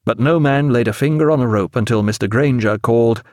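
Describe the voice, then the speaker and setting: An audiobook narrator, a man, delivers scripted passages from a novel in a measured, expressive way. The sound is clean and studio-made, with no echo and a medium-pitched voice.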